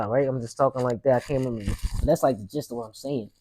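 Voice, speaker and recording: A man's voice: medium pitch, very fast, few pauses, warm tone, a little hiss or hum. A young adult man, a podcast host, telling a personal story in a loose, rambling way with street slang and lots of fillers. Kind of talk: casual storytelling monologue.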